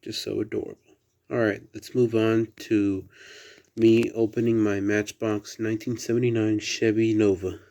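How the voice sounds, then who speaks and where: A man with a slight Southern accent, chatting quietly through a toy unboxing at home late at night, keeping his voice down. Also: on the low side, little pitch movement, normal speed. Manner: soft, hushed indoor voice. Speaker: toy collector vlogger. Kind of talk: casual unboxing chat.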